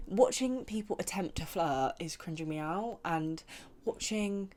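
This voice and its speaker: Podcast host, woman in her twenties, deep-ish voice, blunt and ranty, tipsy chatter. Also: a little slow. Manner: ranting, blunt, animated, slangy. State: tipsy and chatty after brunch. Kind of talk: casual chat.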